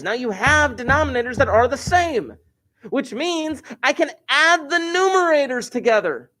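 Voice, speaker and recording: A man's voice: extremely high pitch, lively intonation, moderate pace, pushed and bright. Chatty, joking male math teacher. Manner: joking, chatty, talks back to students. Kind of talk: live online class lesson.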